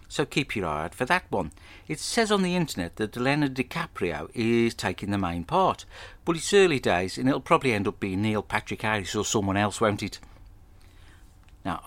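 Bloke, lowish voice, dry close sound, swears a lot while recapping a film. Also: male voice, a bit bright, no room sound. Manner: blunt, sweary, jokey storytelling. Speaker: podcast host. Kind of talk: casual solo film review.

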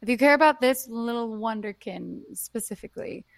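A woman's voice: on the high side, moderate pace, creaky, dry recording. A young adult woman co-hosting a podcast, chatting casually and laughing easily. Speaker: podcast co-host. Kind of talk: casual chat.

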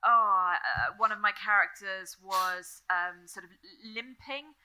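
A woman talks on a live festival stage in a very bright tone. She picks her words carefully, pausing on ums, with a level middle pitch. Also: steady tone, poor audio. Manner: thoughtful, hesitant, with many ums. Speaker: crime author on a festival panel. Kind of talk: live panel chat.

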